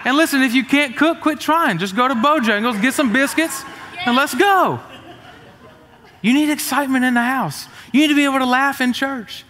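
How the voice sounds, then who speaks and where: Preaching to his congregation at a normal speed, a middle-aged pastor delivers an energetic, joke-filled sermon, his rather high male voice frequently rising into shouts. The church auditorium gives it a long, ringing reverb.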